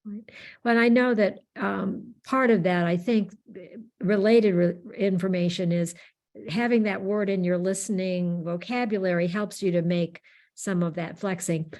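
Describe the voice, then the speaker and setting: Woman moderator passing along audience questions, middle pitch, halting and searching. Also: steady tone, darkish tone. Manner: hesitant, searching phrasing. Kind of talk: webinar Q&A moderation.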